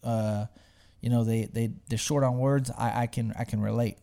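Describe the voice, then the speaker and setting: A young man, chatting casually and telling an animated story, swearing freely and shouting out the voices of the people he quotes. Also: medium pitch, moderate pace, creaky. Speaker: storyteller guest. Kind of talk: casual podcast chat.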